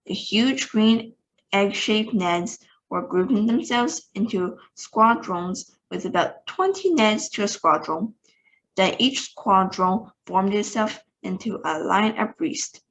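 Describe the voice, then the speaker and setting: A woman's voice: mid-range voice, takes it slowly, highs cut off. A woman reading a children's book aloud, voicing each character's lines. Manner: animated, shouts out characters' lines.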